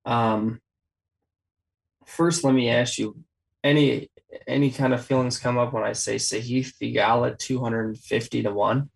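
A man's voice: medium pitch, steady tone, unhurried, gravelly, poor audio. A man hosting a casual golf betting chat, rattling off odds and stats. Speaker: golf betting podcast host.

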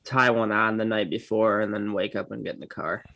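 A man's voice: lowish voice, fairly even intonation, a little fast, creaky, sharp tone, dry recording. A man co-hosting a golf podcast, chatting casually and laid-back, with slang like "dude". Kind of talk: casual chat.

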